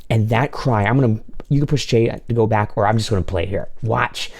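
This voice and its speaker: A man working as a vocal coach, reacting to a performance with animated, exclaiming commentary. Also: on the low side, a little fast, a little hiss or hum. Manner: animated, exclaiming, talks over the clip.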